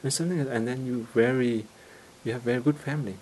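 A man gives an informal teaching talk at a mid pitch. His English halts and restarts, padded with fillers, and he warms up and turns lively when acting out everyday scenes. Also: slight background noise, rough recording. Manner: halting non-native English, many fillers and restarts; gets animated and laughs when acting out scenes.

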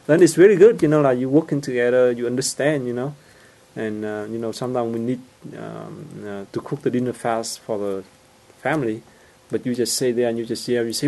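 Halting man. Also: medium pitch, rough recording. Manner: halting non-native English, many fillers and restarts; gets animated and laughs when acting out scenes. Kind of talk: informal teaching talk.

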